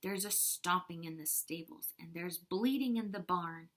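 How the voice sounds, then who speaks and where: A woman kindergarten teacher reading a picture book aloud to children, animated with soft-spoken asides. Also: on the low side, normal speed.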